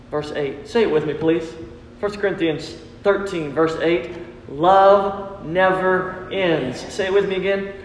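Earnest high-voiced male pastor preaching. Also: a bit bright, slight background noise. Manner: earnest, repetitive, calls on the congregation. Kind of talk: sermon. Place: church sanctuary. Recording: roomy hall reverb.

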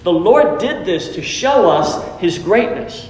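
A middle-aged man preaches a sermon with a fairly high voice, stressing his points by repeating them. The sound rings through a large reverberant hall with a faint hum of noise behind it. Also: sing-song, slow, darkish tone. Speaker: pastor.

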